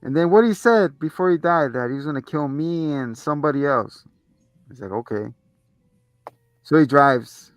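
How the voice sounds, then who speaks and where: A man's voice: a little high, normal speed, dry recording, faint music behind. A man co-hosting a movie review show, retelling the plot in casual chat with lots of swearing and acted-out lines. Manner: animated retelling full of swearing, acts out the characters.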